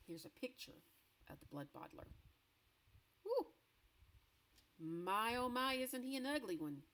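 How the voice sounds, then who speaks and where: Lively woman reading a storybook aloud. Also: on the high side, normal speed, poor audio. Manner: expressive, animated storytelling. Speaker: teacher reading to a class. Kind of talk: reading a children's book aloud.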